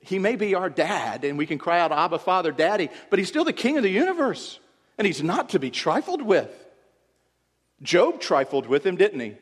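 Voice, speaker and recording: A man's voice: high voice, sing-song, normal speed. Dramatic preacher man in an echoey hall. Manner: dramatic, swings from hushed to loud. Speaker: pastor. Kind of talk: sermon. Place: church.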